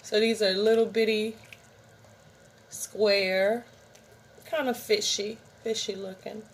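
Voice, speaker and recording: Slow-talking chatty woman vlogger. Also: mid-range voice, flat delivery, slight background noise. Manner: rambling, chatty, talks to viewers directly. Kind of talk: casual show-and-tell vlog.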